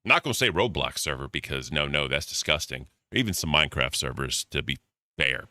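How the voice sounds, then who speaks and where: A man's voice: rumbling low, lively intonation, fairly quick, pushed and bright. A man giving mocking, profane reaction commentary, talking to his chat. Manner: addresses chat as bro. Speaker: streamer reacting to clips.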